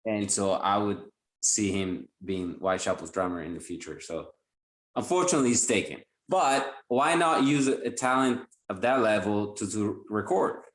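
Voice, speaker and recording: Male guest, lower voice, eager rambling chat, roomy echo on the call. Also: moderate pace. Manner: enthusiastic, rambling with many "like" fillers. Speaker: guitarist guest. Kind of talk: casual interview chat.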